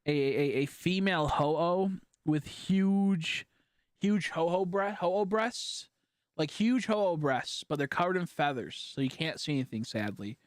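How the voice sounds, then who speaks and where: A young man streaming and chatting loosely with his viewers, joking and rambling from one silly idea to the next. His voice sits a little high for a man. The sound is close and dry, with no room echo. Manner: rambling, jokey, laughs often. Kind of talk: casual livestream chat.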